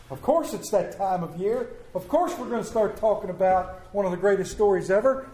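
Male pastor, high-pitched yet mellow, fervent sermon delivery, echoey church room. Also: animated, normal speed. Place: church sanctuary.

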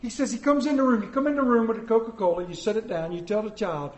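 Middle aged pastor guy preaching, kinda high voice, lots of church echo. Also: fast talker. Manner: storytelling, swinging between soft and loud. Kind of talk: sermon. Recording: echoey church hall.

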